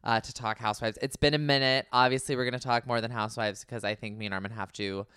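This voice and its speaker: A man hosting a podcast in casual chat, excitable and jokey. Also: mid-range voice, quick pace, smooth, no room sound, clean studio sound. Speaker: podcast host.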